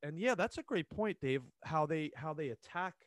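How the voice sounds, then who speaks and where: A man hosting a casual podcast, rambling and animated with many restarts. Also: fairly high pitch, normal speed, no room sound. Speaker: podcast host.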